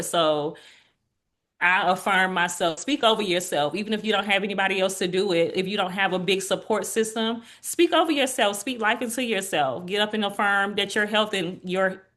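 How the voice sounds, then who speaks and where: A woman in her forties, an interview guest, sharing a heartfelt personal testimony in an earnest way and turning animated when she quotes others. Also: mid-range voice. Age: 40s.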